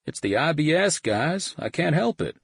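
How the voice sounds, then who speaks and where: Man playing a goofy young Texan bandmate, drawling and crude, raised high voice, husky edge, dry close sound. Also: sing-song, moderate pace, no room sound, exaggerated voice. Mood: joking. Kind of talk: audiobook character voice.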